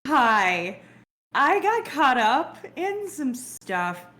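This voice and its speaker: A woman playing a rebellious grown child, defiant and exasperated, swearing at a father. The voice is high and swings widely in pitch. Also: sing-song, extremely slow, sharp tone, exaggerated voice. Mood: evasive.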